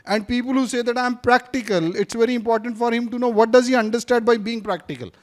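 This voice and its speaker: A man's voice: very high-pitched, steady tone, fast talker. A man teaching a live class in a classroom, quizzing his students and repeating his points. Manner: questions the audience, repeats points, switches briefly into Hindi. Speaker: speaking coach teaching a class. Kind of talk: interactive classroom lecture.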